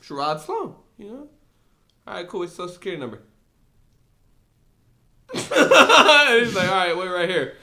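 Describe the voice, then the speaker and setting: Male podcast co-host, high bright voice, lively laughing storyteller. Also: normal speed, pauses often. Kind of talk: casual storytelling chat.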